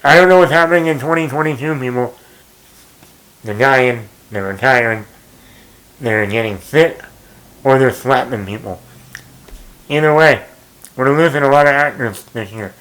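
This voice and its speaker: A man hosts his own movie talk in a loose, casual way. He rambles, fills pauses and restarts his sentences, at an ordinary mid pitch. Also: a bit bright, low-quality recording. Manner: rambling, many fillers and restarts. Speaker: movie commentary host.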